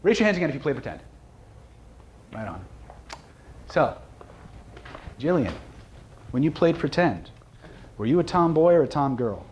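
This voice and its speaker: A man's voice: a little high, big pitch swings, moderate pace, pauses often, darkish tone, a little hiss or hum. A man giving a live seminar talk, joking with and quizzing the audience. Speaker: seminar presenter, hypnosis trainer.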